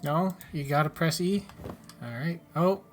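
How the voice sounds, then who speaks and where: Wry, mumbling gaming commentator. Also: male voice, fairly high pitch, a little slow, a little hiss or hum. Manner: wry, offhand, mutters asides. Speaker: gaming YouTuber. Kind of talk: casual let's-play commentary.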